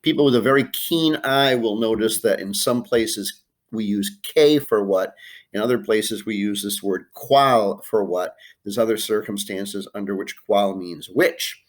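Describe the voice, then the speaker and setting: American man teaching, low voice. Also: a little slow. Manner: plain explaining pace with frequent uh fillers, drops into Spanish phrases. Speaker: Spanish teacher. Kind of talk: screencast lesson walking through a worksheet. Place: home or classroom with art prints behind him.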